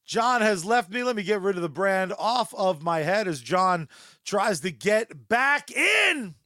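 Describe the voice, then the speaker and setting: Male podcast co-host, high voice, relaxed banter and sponsor plugs. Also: measured pace, dry recording, clean studio sound. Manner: loose, joking, fills with "uh". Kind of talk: casual podcast chat with sponsor reads.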